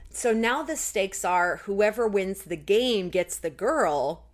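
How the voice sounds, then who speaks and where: A woman co-hosting a podcast, recapping an episode in casual chat full of "like" and quick acted-out lines. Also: medium pitch, expressive. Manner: chatty, recounts scenes with lots of "like". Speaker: podcast co-host.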